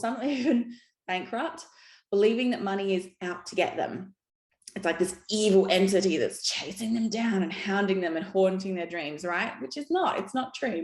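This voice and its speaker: A woman in her thirties giving a frank, upbeat motivational talk on money as a coach. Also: mid-range voice. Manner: frank, upbeat, peppered with "right?". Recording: roomy echo.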